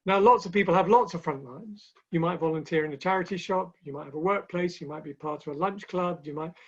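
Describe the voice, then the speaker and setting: A man's voice: high-pitched, quick pace, breathy edge. A man speaking as a guest in a webinar conversation, telling stories with light humor in a chatty way. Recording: dull lo-fi online call audio.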